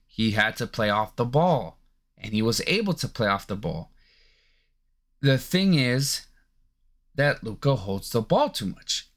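A man hosting a sports podcast, ranting casually and profanely with incredulous outbursts. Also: mid-range voice. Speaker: podcast host.

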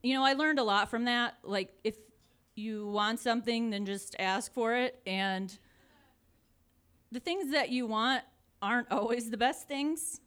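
Woman in her 40s telling a story from when she was young, kinda high voice, animated, laughs a lot. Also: unhurried, clear, resonant tone. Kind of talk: casual personal storytelling.

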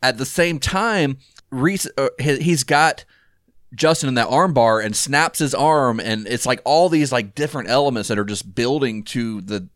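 A man's voice: medium pitch, normal speed, fairly bright tone, dry recording, clean studio sound. A man co-hosting a casual film talk, rambling with lots of fillers and restarts. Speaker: podcast co-host.

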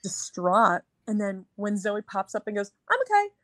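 A woman's voice: mid-range voice, flat delivery, unhurried, fairly bright tone, no room sound. A woman co-hosting a casual movie review chat, talking enthusiastically and rambling with lots of filler words. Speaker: podcast co-host.

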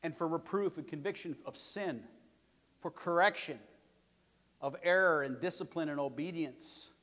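A man preaching a sermon as pastor, emphatic and repetitive, swinging between loud declarations and quieter asides. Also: on the high side, moderate pace, in a large hall.

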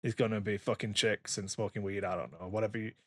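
A man in his thirties, hosting a casual podcast chat and telling animated stories full of swearing and quoted voices. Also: lowish voice, fast talker. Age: 30s. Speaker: podcast host.

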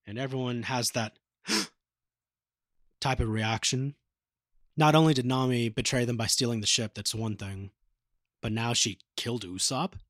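A man's voice: medium pitch, steady tone, moderate pace, a bit bright, no echo, studio quality. A man co-hosting a podcast, casually retelling anime episodes with a swearing, joking manner. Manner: casual, profane retelling, acting out quotes. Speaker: podcast co-host.

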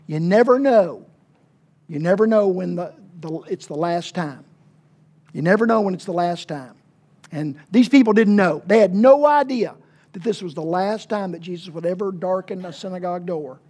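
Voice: medium pitch, a little mellow. Homespun pastor, informal sermon delivery, stops and starts, then presses points hard. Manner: conversational, halting with fillers, emphatic asides. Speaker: pastor of a small church.

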